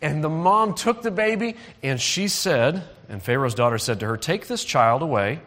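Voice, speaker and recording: A man telling a Bible story to children in a church hall, lively, asking the audience to call out and join in. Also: a little high, moderate pace. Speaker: children's preacher.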